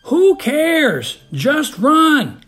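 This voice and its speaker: A man doing a loud, excitable young boy. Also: very high voice, very slow, faint music behind, voice pushed up, exaggerated voice. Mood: eager. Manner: shouting, boisterous.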